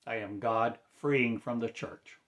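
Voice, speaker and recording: A man preaching in a slow, declamatory way, with sudden loud rises in his voice. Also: mid-range voice, steady tone. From United States. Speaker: self-styled spiritual teacher. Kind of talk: impassioned preaching.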